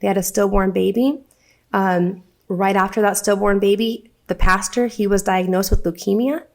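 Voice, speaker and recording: A woman's voice: medium pitch, fairly even intonation, moderate pace. Earnest woman sharing a personal story. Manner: earnest, heartfelt, speaks with conviction. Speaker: podcast guest, author. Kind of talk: earnest conversational interview.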